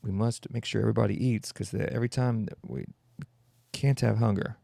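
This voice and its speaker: A man's voice: lowish voice, fairly even intonation, fairly quick, gravelly, mellow, dry recording, studio quality. A man hosting a solo comedy podcast, rambling and mocking in a sarcastic tone. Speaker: podcast host.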